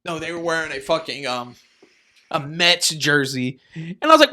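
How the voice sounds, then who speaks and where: Young guy podcast cohost, kinda high bright voice, cussing and laughing a lot. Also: lively intonation, moderate pace. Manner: profane, joking, laughs often. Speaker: podcast co-host. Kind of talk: casual chat.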